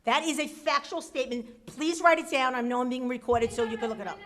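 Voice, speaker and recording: A high-pitched middle-aged woman addresses a board meeting as acting superintendent. Her tone is defiant and emphatic, each point pressed home. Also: fairly quick. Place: public board meeting room.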